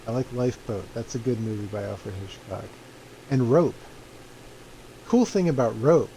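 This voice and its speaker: A man's voice: medium pitch, dark tone, slight background noise, poor audio. Laid-back man rambling over a game. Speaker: streamer playing a flight simulator. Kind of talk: casual gameplay commentary.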